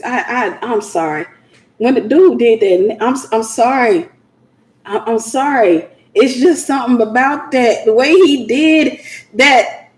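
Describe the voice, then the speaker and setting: Animated high-pitched woman preaching, echoey. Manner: animated, laughing asides, repeats phrases for emphasis. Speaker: host. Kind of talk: preaching livestream talk.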